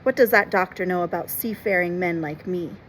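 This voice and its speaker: A woman's voice: fairly low pitch, fairly quick, a bit bright, a little hiss or hum, lightly acted, low-quality recording. A woman reading aloud, voicing an ailing old male sea captain who growls and presses urgent warnings. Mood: gruff urgent.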